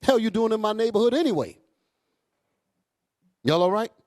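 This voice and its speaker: A man preaching a fiery, profane sermon to his congregation, calling out to them as he goes. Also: moderate pace. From United States. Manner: loud, animated, swings high and low, profane, asks crowd "y'all all right?".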